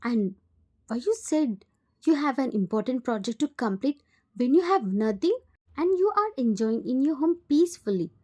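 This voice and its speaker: A woman's voice: sits high, sing-song, moderate pace, darkish tone. A woman with an Indian English accent voicing a heartbroken twenty-year-old girl, hurt and accusing.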